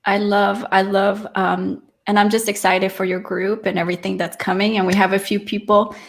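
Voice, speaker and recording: A woman's voice: medium pitch, level tone, moderate pace, creaky. A woman hosting a live-streamed talk show, chatty and effusive as she talks with her guest. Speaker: host.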